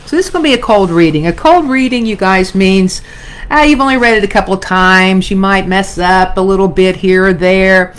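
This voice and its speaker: A woman's voice: mid-range voice, normal speed, clean tone. A middle-aged woman acting coach teaching an online class in a chatty, self-interrupting way, calling her viewers "you guys" and "darling".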